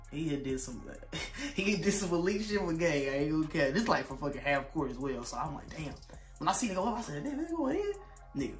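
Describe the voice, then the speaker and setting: A young man tells a story in a loose, slangy vlog. His voice sits a bit high for a man, and he gets loud and animated when he acts out what he said. Faint music plays underneath. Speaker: vlogger. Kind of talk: casual storytelling.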